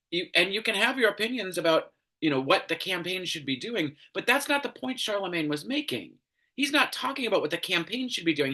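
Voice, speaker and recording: Profane ranting male commentator, bright voice. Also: high voice. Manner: angry, profane, exasperated. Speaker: commentary show host.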